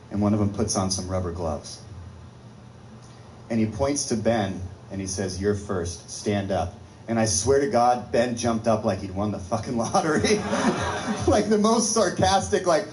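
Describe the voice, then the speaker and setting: A male comedian telling a story in a stand-up set, animated and laughing his way through it. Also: mid-range voice, reverberant, a little hiss or hum, low-quality recording.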